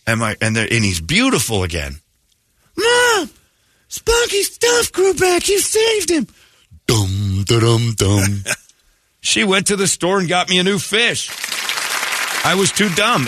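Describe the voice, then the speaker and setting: A man hosting a comic morning radio show, telling stories in an animated way and acting out voices. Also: a little high. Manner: animated storytelling with laughs and acted-out voices. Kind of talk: comedic morning radio talk.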